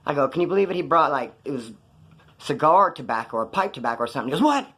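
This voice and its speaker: A man's voice: mid-range voice, expressive, racing, pushed and bright. A man casually telling prison stories to camera in a rambling, slangy way, acting out quoted dialogue.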